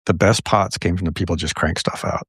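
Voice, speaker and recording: A middle-aged man talking in a relaxed podcast chat, reflective and fond of telling anecdotes. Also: sits low, a little fast, husky, dry recording, studio quality. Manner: reflective, tells anecdotes and quotes others. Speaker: podcast guest. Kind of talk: casual conversation.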